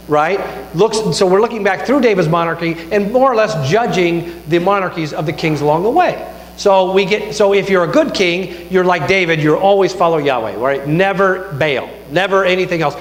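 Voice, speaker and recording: A male pastor giving a chatty sermon on a microphone in a church, joking and mocking himself. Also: sits high. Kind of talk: conversational sermon. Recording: echoey church hall with long reverb.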